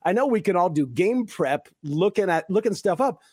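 A man's voice: high-pitched, lively intonation, moderate pace, a little mellow, husky, no room sound, clean studio sound. A man hosting a casual chat, earnest, acting out the people he quotes as he tells stories. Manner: earnest, acts out quotes with shifts in voice.

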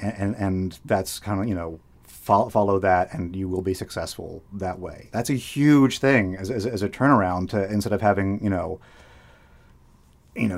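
A public radio host from the United States talks casually as a guest, often repeating words while he thinks out loud. His voice is low and his pace moderate.

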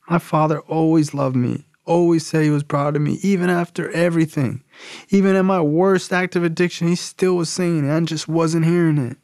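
A man's voice: fairly high pitch, fairly even intonation, normal speed, darkish tone, dry recording, studio quality. A young man casually telling a personal recovery story, swearing and using slang. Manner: casual and profane, street slang. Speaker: speaker sharing his recovery story.

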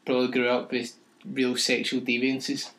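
A man's voice: mid-range voice, completely flat delivery, normal speed, fairly bright tone, a little hiss or hum. A man, a podcast co-host, talking in casual chat, sweary and mocking, laughing often.

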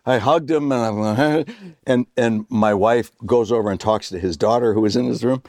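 A man's voice: medium pitch, moderate pace, a little mellow, dry recording, studio quality. A middle-aged man, an actor guest, telling a story in casual chat and acting out the voices of the people in it. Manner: acts out quoted voices, laughs mid-story.

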